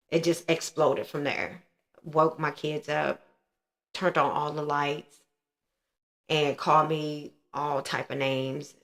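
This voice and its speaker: A woman in her thirties frankly and earnestly telling a painful personal story as the host of her own show. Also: deep voice.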